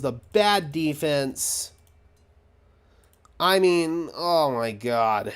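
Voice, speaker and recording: A man's voice: a little high, lively intonation, very slow, pauses often, clean tone. Exasperated male fan calling a game. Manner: frustrated, exasperated, rants about the defense. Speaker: fan commentator. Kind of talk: live play-by-play fan commentary.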